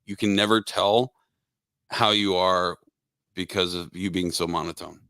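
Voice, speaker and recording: Man, low smooth voice, even flat delivery, crude joking banter, casual podcast chat. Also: measured pace, no room sound, studio quality. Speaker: podcast host.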